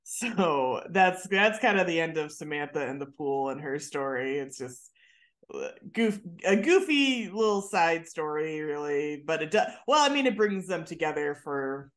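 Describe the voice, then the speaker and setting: Woman recapping a show, animated. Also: low voice, measured pace. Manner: animated storytelling, laughs often. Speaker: podcast host recapping an episode. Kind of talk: casual chat.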